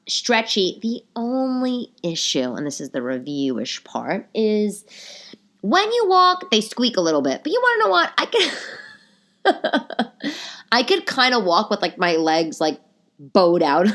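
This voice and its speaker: Her fairly low voice is very animated yet slow. She's a middle-aged woman hosting a casual solo podcast, a bit nasal from a cold, chatting and telling meandering stories with lots of asides.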